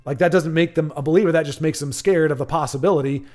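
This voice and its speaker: A man's voice: on the high side, fast talker, darkish tone. A young man hosting a livestream, chatting casually with viewers and rambling with many restarts. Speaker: livestream host. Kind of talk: casual chat while streaming a card game.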